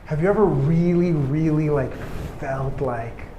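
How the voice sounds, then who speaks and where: A man's voice: a little high, unhurried, highs cut off. A man, a rabbi, teaching a class in a casual, chatty way, telling a story and leaning heavily on 'like'. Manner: chatty, repeats words, heavy use of 'like'. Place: seminary classroom. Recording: echoey classroom with faint noise.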